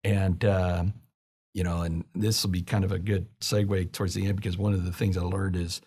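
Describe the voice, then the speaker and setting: A man's voice: low voice, a little fast, husky. Man telling stories on a podcast. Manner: animated storytelling, acts out quoted people. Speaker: guest, business coach. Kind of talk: casual podcast conversation.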